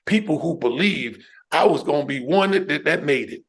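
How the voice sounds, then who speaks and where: A middle-aged man from New York, a guest educator and speaker telling his life story on a podcast in an emphatic, animated way. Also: on the high side, normal speed. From New York, USA. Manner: emphatic, animated storyteller who addresses the listener with "man" and "right?".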